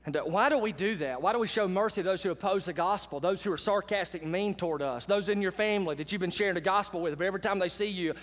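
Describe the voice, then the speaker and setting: A man preaching a sermon as pastor, talking to the congregation like a friend and swinging between quiet asides and loud, emphatic lines. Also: high voice, big-room sound. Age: adult with children.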